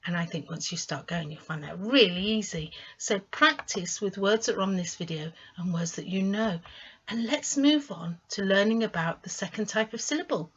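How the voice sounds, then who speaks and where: A woman tutor teaching English pronunciation, sounding out syllables clearly and encouraging the learner. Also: mid-range voice, moderate pace, a bit bright. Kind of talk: teaching phonics lesson to camera. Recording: slightly dull lo-fi sound.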